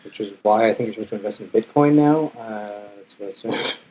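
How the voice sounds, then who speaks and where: A man's voice: lowish voice, a little fast, a crowd in the background, rough recording. A man co-hosting a casual podcast, making dry, offhand wisecracks. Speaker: podcast co-host. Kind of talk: casual chat over beers.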